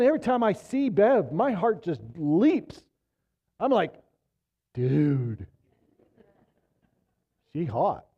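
A pastor in his fifties preaches a sermon in a casual, conversational style, moving from loud emphasis to low, quiet appeals. The highs in the recording are cut off.

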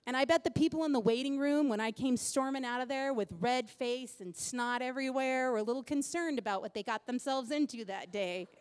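A woman in her thirties telling a self-mocking story to an audience at a church event, animated and laughing at herself. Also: on the high side, smooth, long reverb tail.

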